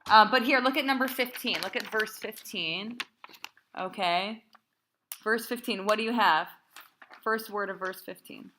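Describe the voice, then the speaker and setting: Brief: female cantor leading a class, unhurried delivery, bright tone, sings short examples. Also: mid-range voice, a little hiss or hum. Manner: chatty and encouraging, often asks "right?", sings trope phrases slowly. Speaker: cantor teaching Torah reading. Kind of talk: informal small-group class.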